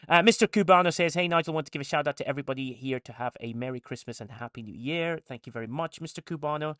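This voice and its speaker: A man's voice: a little high, fast, bright, forceful tone, no echo, studio quality. A man hosting a casual live stream, reading viewer chat comments aloud and answering them with frequent restarts.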